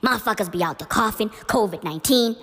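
A woman hosting a comedic podcast, ranting in slangy, profane, excitable talk. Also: medium pitch, fast. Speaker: podcast host.

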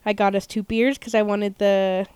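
A young woman rambles through a story as a podcast co-host, tossing in fillers as she goes. Her voice is smooth and clear, recorded dry and close with no room sound. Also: mid-range voice, flat delivery, normal speed, a little mellow, dry recording. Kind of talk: casual chat.

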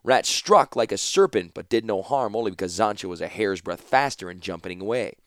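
A man narrating a fantasy audiobook in a dramatic, expressive storytelling manner. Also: fairly low pitch, a little fast, no echo, clean studio sound.

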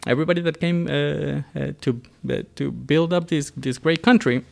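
A man's voice: fairly high pitch, normal speed, creaky. A man from the United States in a casual religious discussion, talking earnestly with many fillers and restarts. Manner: earnest, builds emphatically.

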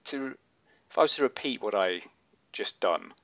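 A man's voice: on the low side, expressive, moderate pace, fairly bright tone, dry recording. A man hosting a podcast, chatting casually and rambling, acting out quotes as he explains. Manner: rambling, self-correcting, acts out quotes. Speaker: podcast host. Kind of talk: casual chat. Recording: dull, muffled sound.

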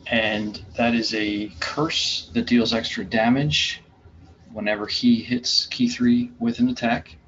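A man's voice: medium pitch, flat delivery, takes it slowly, fairly bright tone. A man running a tabletop game as game master, narrating in a hesitant way with many fillers and restarts. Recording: dull lo-fi sound with faint room noise.

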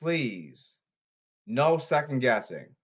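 Brief: male solo podcast host, mid-pitched voice, rambling, repeats himself, emphatic stop-start delivery. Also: sing-song, very slow.

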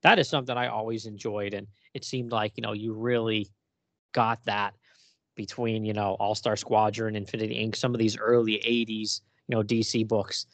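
A man's voice: on the low side, normal speed, no room sound. A man hosting a comics podcast in casual chat, rambling with lots of fillers and easy laughs. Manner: relaxed, rambling, many fillers, laughs often. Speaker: podcast host.

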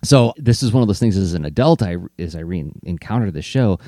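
A man co-hosting a casual chat, animated, often laughing and acting out quotes. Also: low-pitched, brisk, dry recording, clean studio sound. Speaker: podcast co-host.

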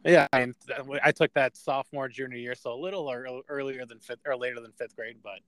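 A man's voice: mid-range voice, a little fast, a bit bright, no echo. Young man swearing through a casual podcast chat. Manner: swears often, laughs at himself. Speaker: podcast co-host.

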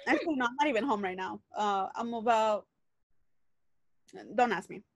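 A young woman chatting casually with a friend and giving relaxed, quick replies. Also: fairly high pitch, no room sound. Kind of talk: casual chat.

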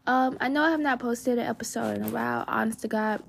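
A woman's voice: a little high, quick pace, creaky, a little hiss or hum. A young woman hosting a casual advice podcast, bubbly and gushing, full of endearments and fillers. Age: young adult. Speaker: podcast host.

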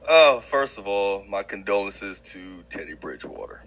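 Teasing man with a lively voice. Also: fairly low pitch. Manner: teasing, mocking, quick joking riffs. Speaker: podcast co-host. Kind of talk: casual sports chat.

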